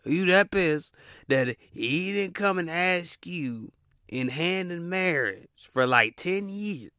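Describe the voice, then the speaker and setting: A man ranting in a blunt, animated, slang-heavy monologue as podcast host, laughing often. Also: sits high, slow pace, clear, resonant tone, no echo, studio quality.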